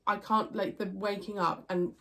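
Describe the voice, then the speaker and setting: A woman's voice: mid-range voice, fairly even intonation, normal speed, creaky, fairly bright tone, slight background noise. A young woman chats through a viewer Q&A, her voice stuffy and nasal from congestion. She rambles easily, full of "um" and "like," and often stops to correct herself. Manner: chatty, rambling, with fillers and self-corrections. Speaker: YouTuber answering viewer questions. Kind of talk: casual Q&A chat.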